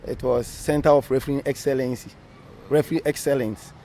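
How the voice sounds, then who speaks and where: A man's voice: medium pitch, fairly quick, vocal fry. A Ghanaian man speaks in a mid-range voice, recounting events animatedly and slipping between English and Twi. A faint hum of outdoor street noise runs underneath. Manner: animated storytelling with Twi asides. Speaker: former referee, interview guest. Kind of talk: casual interview, mixing English and Twi.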